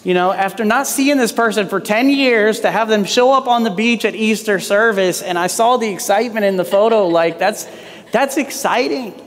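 A man's voice: sits high, moderate pace, in a large hall. A man preaching a sermon as pastor, in a conversational way that acts out quoted lines.

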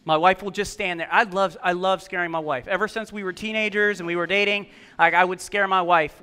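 Male pastor, high bright voice, storytelling sermon style, engages the congregation. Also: clear, resonant tone. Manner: storytelling, asks the congregation questions. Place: church.

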